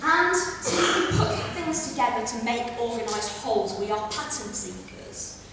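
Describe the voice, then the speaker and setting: A woman delivers a stand-up comedy lecture in a chatty, brash way, tossing in quick asides. Her voice sits a little high. It is captured from a distance, with long reverb and faint room ambience. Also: lively intonation, noisy background. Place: theatre stage before a live audience. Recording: echoey hall recorded from afar.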